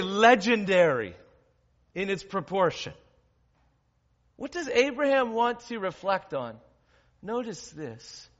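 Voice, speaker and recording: A man preaching a sermon as pastor, emphatic, with dramatic pauses and swings from loud to hushed. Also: extremely high pitch. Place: church hall with stage. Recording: dull recording in a reverberant hall.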